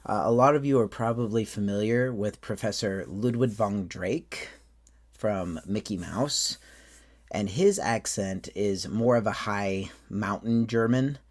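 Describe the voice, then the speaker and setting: Casting: man, lowish voice, easygoing tutorial presenter, loose and rambling. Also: measured pace. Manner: relaxed, rambling with restarts. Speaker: faire staff member teaching accents. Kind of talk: casual tutorial talk.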